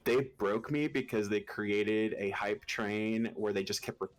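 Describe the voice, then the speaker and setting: Low-voiced easygoing man on a panel. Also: a little slow. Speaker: panel guest, streamer. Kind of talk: casual panel chat.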